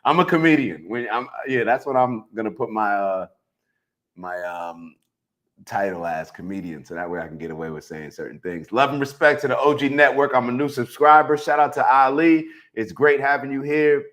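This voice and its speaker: A man hosting a casual livestream, lively and full of shout-outs to viewers, talking into a handheld mic. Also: medium pitch, normal speed. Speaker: host.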